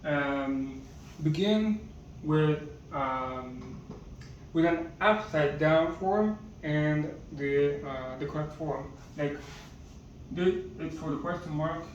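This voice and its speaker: A man giving a casual vocabulary lesson, halting and searching for words as he lists them one by one. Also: on the high side, slight background noise. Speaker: language teacher. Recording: echoey room, distant muffled mic.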